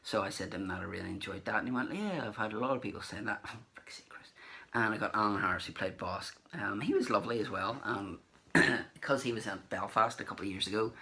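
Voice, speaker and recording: Low, gravelly man telling convention stories. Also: animated, a little fast, pushed and bright. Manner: rambling, acts out remembered dialogue. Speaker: collector vlogger. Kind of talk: casual anecdotal recap.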